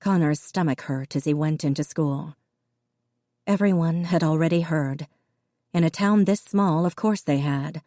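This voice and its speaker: Low, dark woman audiobook narrator. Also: measured pace, no echo, clean studio sound. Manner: steady storytelling with character voices.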